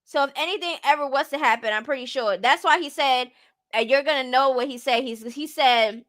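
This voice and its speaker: A woman streamer gives casual reaction commentary in a high, bright voice. She talks bluntly and chattily and keeps checking that the listener follows her. Her close mic sounds dry, with no room to it. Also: a little fast, dry recording. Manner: blunt, chatty, keeps asking "you get what I'm saying".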